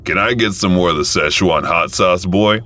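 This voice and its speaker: A man's voice: deep voice, moderate pace, bright, forceful tone. A man doing a wry old diner regular.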